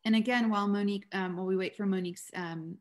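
A woman author speaking as the guest on a video-call webinar, at a middling pitch. She explains her ideas in a steady, even-paced way, like a teacher walking a class through a lesson. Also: quick pace.

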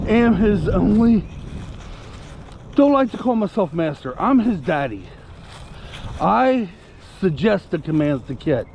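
A man's voice: sits high, creaky, highs cut off, background noise. A man telling a story casually to camera, indignant and rambling, breaking off to give commands to his puppy. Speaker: vlogger.

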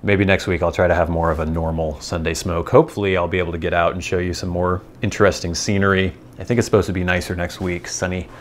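A man's voice: sits low, level tone, fast, few pauses, slight background noise. A man hosting a vlog, thinking aloud in a casual, rambling monologue with self-deprecating asides. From United States. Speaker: vlog host.

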